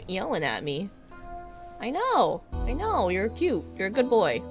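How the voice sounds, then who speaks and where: A woman's voice: medium pitch, fairly bright tone. A young woman streaming a video game, chatting casually with offhand asides. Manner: chatty, laughs, asides to her cat. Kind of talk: casual let's-play commentary.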